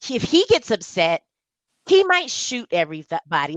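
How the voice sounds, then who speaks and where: A woman as a podcast guest, speaking in casual conversation, animated and storytelling, mimicking the voices of people she talks about. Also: mid-range voice, moderate pace, no room sound, rough recording.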